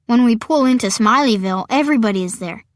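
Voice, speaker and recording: Woman, audiobook narrator, wry conversational delivery, higher pitch, dry close recording. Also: fast, no room sound. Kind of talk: first-person audiobook narration.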